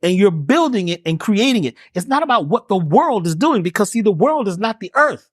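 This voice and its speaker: With a high, sing-song voice running a little fast, a guest spiritual healer and herbalist teaches in an emphatic, preacherly manner. Rhetorical questions and slang pour out, and the clean studio sound has no echo.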